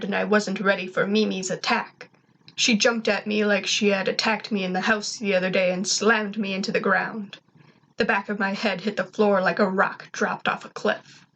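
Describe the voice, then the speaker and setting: A woman reading fan fiction aloud in plain, even first-person narration. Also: medium pitch, normal speed, dull audio. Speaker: reader.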